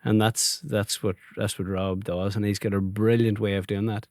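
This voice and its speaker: Northern Irish man, friendly storyteller, fairly low voice, dry close sound. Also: level tone, moderate pace, darkish tone, dry recording. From Northern Ireland. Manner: friendly storytelling, laughs easily. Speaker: guest, family business owner. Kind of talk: conversational interview.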